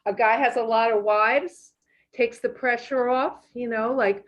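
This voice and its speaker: A woman doing stand-up on a comedy stage in a musing, deadpan way. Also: on the high side, unhurried. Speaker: stand-up comic. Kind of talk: live stand-up set. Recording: dull lo-fi stage recording.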